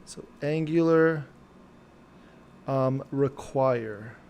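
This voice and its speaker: A man streaming live as he programs, thinking aloud and questioning himself in halting, muttered phrases. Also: mid-range voice, vocal fry, darkish tone, a little hiss or hum.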